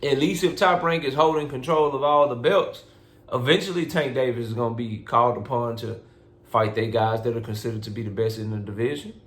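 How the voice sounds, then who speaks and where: A man delivers a casual boxing rant in a blunt, profane way, lecturing his listeners to wise up. His voice sits at a mid pitch and carries a noticeable echo from the room around him. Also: fairly quick, fairly bright tone. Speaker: boxing commentary vlogger. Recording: roomy echo.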